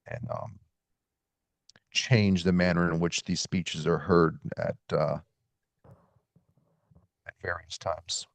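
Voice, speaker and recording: A man hosting a podcast in a casual, halting way, pausing as he reads from his sources. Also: low voice, gravelly, a little mellow, no echo. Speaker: podcast host. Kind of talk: casual podcast talk, reading quotes aloud.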